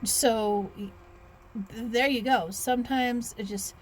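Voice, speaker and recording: A woman's voice: on the high side, steady tone, slow pace, a little hiss or hum. A woman in her thirties, chatting casually in a rambling vlog with restarts and sighs. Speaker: author vlogger.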